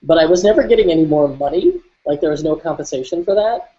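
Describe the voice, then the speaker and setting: A man's voice: fairly high pitch, fast talker, warm tone, dull audio. A man guesting on a podcast interview, telling his story candidly and reflectively, with frequent fillers and restarts.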